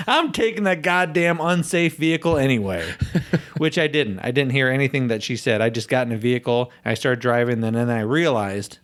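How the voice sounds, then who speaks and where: A man's voice: mid-range voice, brisk, a bit bright. A man on a casual podcast, telling a story with lots of swearing and acting out what others said. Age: has a young daughter. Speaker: podcast host.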